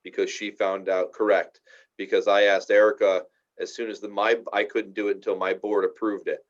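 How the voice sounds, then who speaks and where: A man's voice: lowish voice, little pitch movement, normal speed. A man explaining a school project's timeline to a town finance board, talking at length with many fillers. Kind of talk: public meeting discussion. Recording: dull lo-fi meeting audio.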